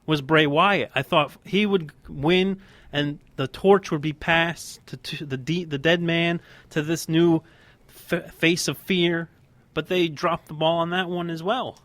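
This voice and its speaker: A man's voice: on the high side, fairly even intonation, a little slow, fairly bright tone, dry recording. A man co-hosting a casual wrestling podcast, talking in a heated, emphatic rant. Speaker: podcast co-host.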